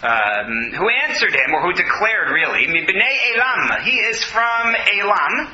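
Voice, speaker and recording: A man's voice: sits high, big pitch swings, measured pace, pushed and bright. A man teaching a scripture study class, reading verses aloud, translating and explaining them, and taking questions from his students. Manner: reads Hebrew verses then translates, explains and takes questions. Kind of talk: text study lecture with questions. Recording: dull, roomy classroom audio.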